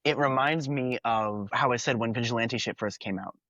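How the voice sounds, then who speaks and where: A man's voice: mid-range voice, moderate pace, fairly bright tone, dry recording, highs cut off. A young man hosting a podcast, chatting earnestly and at length about an album's songs and themes. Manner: earnest, talkative, quotes lyrics in character. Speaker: podcast host. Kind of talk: casual music review chat.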